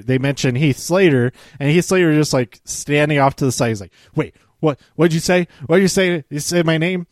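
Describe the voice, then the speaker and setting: A man's voice: medium pitch, no room sound. A man talks through a wrestling episode in a loose, rambling way, often stumbling and laughing to himself. His voice sits in a middle range, recorded close and dry with no room sound. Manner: rambling, with frequent fillers and laughs. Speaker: wrestling show recapper. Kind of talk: casual recap podcast.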